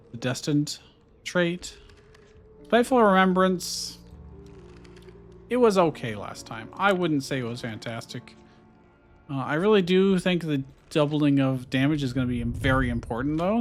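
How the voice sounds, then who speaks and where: A man narrating his own gameplay in a relaxed, thinking-aloud way. His voice sits a little high, and he muses over options with frequent fillers. Faint music plays behind him. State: hiccuping. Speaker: gameplay streamer. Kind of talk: casual let's-play commentary.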